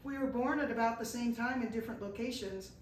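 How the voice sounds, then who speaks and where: Animated woman storyteller in a roomy hall. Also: a little high, quick pace. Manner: animated, acts out quoted dialogue. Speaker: guest speaker telling travel stories. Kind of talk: live storytelling to an audience. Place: event room with a small audience. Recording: roomy, distant mic, faint noise.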